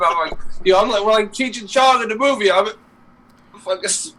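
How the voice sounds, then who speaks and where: A man's voice: high-pitched, animated, brisk, sharp tone, slight background noise. A young man co-hosting a casual live-stream chat show, telling stories animatedly and laughing often. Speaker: co-host.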